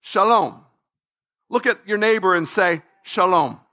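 A man pastor preaching a sermon, emphatic, repeating phrases and building to shouts. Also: sits high, a little slow.

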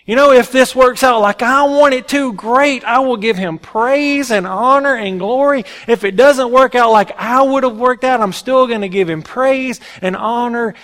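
High-voiced man preaching a lively sermon. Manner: animated, folksy storytelling with quick asides. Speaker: pastor.

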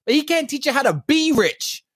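A man's voice: very high voice, lively intonation, normal speed, fairly bright tone, dry recording, studio quality. A man co-hosting a podcast, talking in a blunt, cocky, dismissive way. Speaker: podcast co-host. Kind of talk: casual boastful podcast banter.

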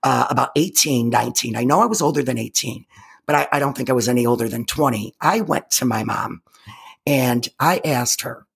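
Gravelly, husky woman telling her story. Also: rumbling low. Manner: halting, with frequent repeated restarts; emphatic, intense retelling. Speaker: interview guest. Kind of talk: personal storytelling in conversation.

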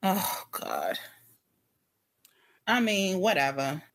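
A woman's voice: fairly low pitch, huge pitch swings, extremely slow, fairly bright tone. A woman co-hosting a podcast in casual chat, blunt and wisecracking. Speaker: podcast co-host.

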